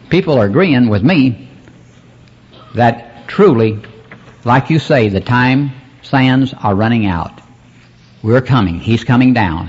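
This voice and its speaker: Husky-voiced male preacher, rambling sermon with congregation call-outs, muffled cassette sound. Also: medium pitch. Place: church service. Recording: dull lo-fi cassette recording.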